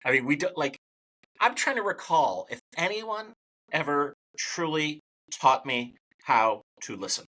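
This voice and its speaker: A man's voice: fairly high pitch, animated, a little slow, pushed and bright, rough recording. A man hosting a podcast interview, talking in an enthusiastic, rambling way with many restarts. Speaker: podcast host.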